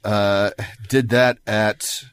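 A man in his fifties hosting a podcast, chatting in a relaxed way. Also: fairly low pitch, very slow, clear, resonant tone. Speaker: podcast host. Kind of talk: casual podcast chat.

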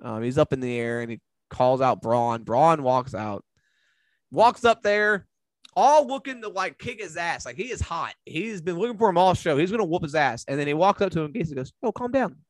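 Male host, lively swings in pitch, loose and profane, dry close sound. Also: normal speed, no room sound. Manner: animated, swearing, rambling with fillers. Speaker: podcast host. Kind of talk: casual recap chat.

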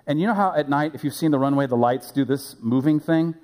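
A man preaching a sermon as a pastor, animated and playful, recorded in a church sanctuary. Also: fairly high pitch, fast, in a large hall.

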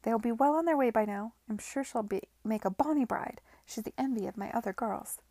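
A woman voicing a shrewd, brash older woman who keeps a brothel, loud and folksy in her speech. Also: a little high, brisk, no echo. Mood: blunt.

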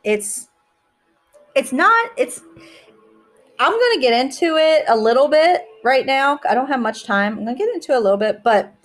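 A woman's voice: high-pitched, sing-song, moderate pace, faint music behind. A woman hosting her own podcast, talking in a chatty, rambling way and poking fun at herself as she goes. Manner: chatty, rambling, self-mocking. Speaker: podcast host. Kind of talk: casual solo podcast chat.

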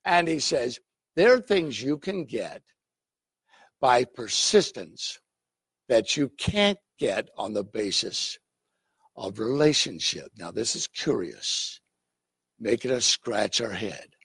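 A pastor preaches with a gravelly, husky voice that swings widely in pitch as he animates each story. The recording is close and dry. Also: takes it slowly, no echo. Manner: animated storytelling, acts out scenes. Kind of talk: sermon.

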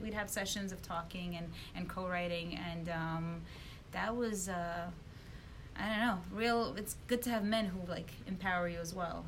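A bright, forward-sounding woman in her thirties with a faint Russian and Brooklyn edge to her speech. She talks casually and loosely, trailing off into fillers and breaking into laughter often, with a soft low rumble faintly under her voice. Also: rough recording. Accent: slight Russian and Brooklyn. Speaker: guest. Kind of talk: casual interview chat.

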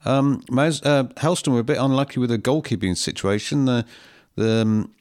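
A man co-hosting a casual football chat, recounting a match in a measured, plain way. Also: mid-range voice, a little mellow, smooth. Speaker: co-host.

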